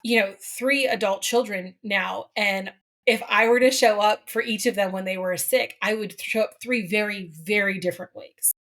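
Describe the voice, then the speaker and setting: A woman's voice: mid-range voice, normal speed, fairly bright tone. A middle-aged woman co-hosting a podcast, telling candid personal stories with many asides in casual conversation. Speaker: podcast co-host.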